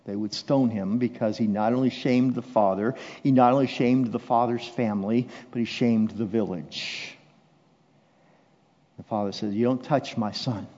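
A man preaching a sermon as pastor, shifting from hushed, intimate lines to loud, impassioned declarations. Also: mid-range voice, fairly even intonation, normal speed. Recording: dull sound with long hall reverb.

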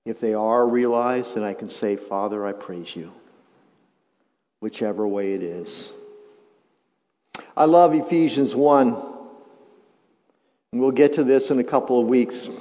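A male pastor preaching a sermon, moving from quiet, reflective passages to loud, emphatic build-ups. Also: lowish voice, moderate pace, pauses often. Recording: muffled sound with long hall reverb.

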